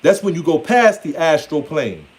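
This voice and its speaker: A man's voice: a little high, animated, normal speed. A man giving a casual, blunt, playfully scolding monologue on spirituality. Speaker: spiritual speaker.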